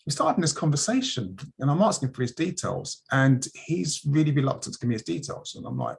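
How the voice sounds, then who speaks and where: A man with a gravelly, husky voice hosts a casual community news livestream. He talks at an everyday middle pitch and rambles through stories, full of fillers and quick restarts. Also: big pitch swings. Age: adult, married. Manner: chatty, storytelling, frequent restarts and fillers.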